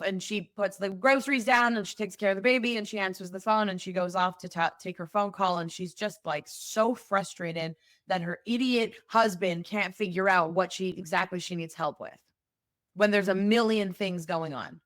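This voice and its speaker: A woman's voice: mid-range voice, moderate pace, a bit bright, dry recording, studio quality. A woman hosting a solo podcast, talking in a conversational, emphatic way and explaining with everyday examples. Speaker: podcast host.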